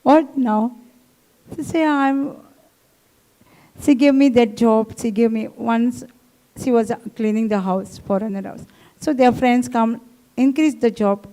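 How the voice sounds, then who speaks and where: Woman preacher, higher voice, mellow tone, tells a testimony in broken English with "no?" tags. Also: slow pace, pauses often, rough recording. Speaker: preacher at a retreat. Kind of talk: testimony sermon. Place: retreat hall.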